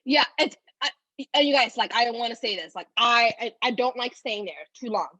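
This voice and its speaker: Woman, 30s, podcast guest, rambling casual speech, says "like" a lot, slightly high voice, dry close sound. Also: expressive, moderate pace, bright, forceful tone, no echo, poor audio. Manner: talks in loose run-on phrases full of "like". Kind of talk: casual conversational storytelling.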